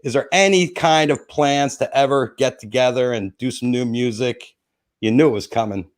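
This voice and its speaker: A chatty man with a New Jersey accent runs a casual interview at a mid-range pitch. He rambles eagerly, restarting sentences as ideas tumble out. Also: moderate pace. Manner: rambling, enthusiastic, frequent restarts. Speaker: host.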